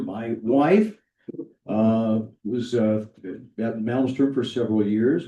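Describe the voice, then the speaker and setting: Dark-voiced middle-aged man in an echoey hall. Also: on the low side, distant mic, muffled recording. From Washington State. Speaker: candidate at a townhall. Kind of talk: prepared campaign speech. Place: public meeting hall.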